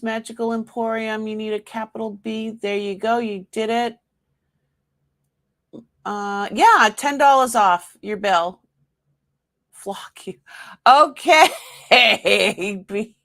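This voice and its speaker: Slow-talking Boston woman hosting a live sale. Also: mid-range voice. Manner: chatty, talks to herself while working the screen; excited squeals when announcing a winner. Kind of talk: live-stream chat.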